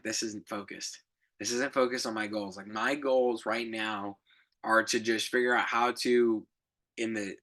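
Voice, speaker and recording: A man's voice: on the low side, bright, forceful tone. A young adult man hosting a podcast, telling a reflective story in a rambling casual way, with fillers, self-corrections and light laughs. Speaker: podcast co-host.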